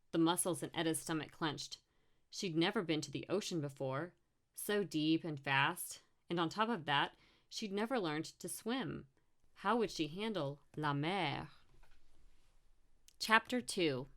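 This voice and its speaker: Audiobook narrator, woman, low register, reads the characters with small voice shifts. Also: a bit bright.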